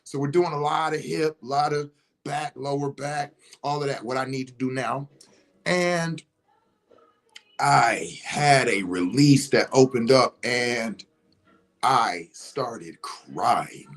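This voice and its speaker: A man delivering an impassioned spoken monologue, profane and emphatic, often rising into shouts. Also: medium pitch, takes it slowly. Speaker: monologue speaker.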